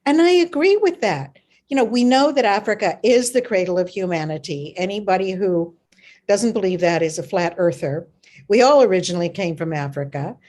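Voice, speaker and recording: A woman's voice: mid-range voice, expressive, normal speed, darkish tone. Chatty woman radio show host. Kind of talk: casual interview chat.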